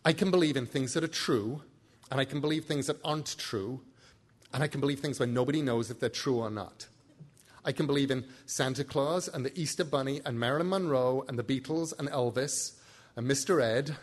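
A man's voice: medium pitch, a little fast, close to an everyday voice. A man voicing a jittery, mouthy young woman. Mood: defiant. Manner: rambling and emphatic, swearing when scared. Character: young woman, nervous, talkative, sharp-tongued.

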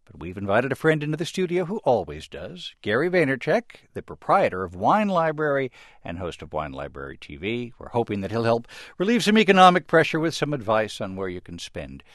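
A man's voice: mid-range voice, wildly swooping pitch, fairly quick, no echo. A man from the US Midwest hosting a studio interview, a polished, good-humoured presenter. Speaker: TV host. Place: broadcast studio.

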